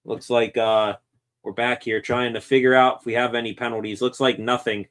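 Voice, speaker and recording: Speaking at medium pitch and normal speed, a sports channel host reacts to the action live with excited play-by-play. His commentary wanders, full of fillers and self-corrections.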